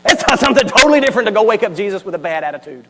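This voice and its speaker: This preacher's voice is high-pitched and gravelly, swinging widely in pitch as he talks at a rapid-fire clip. He animatedly recounts a story with asides from a church sanctuary, with hall reverb and faint mains hum audible.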